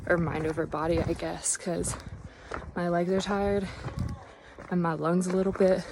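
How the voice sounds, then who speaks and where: A woman's voice: on the low side, little pitch movement, unhurried, noisy background. A young woman vlogging outdoors as she hikes a mountain trail, chatty and upbeat, out of breath. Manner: chatty and upbeat, talking to camera on the move. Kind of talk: casual vlog narration while hiking. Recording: music bed under the voice.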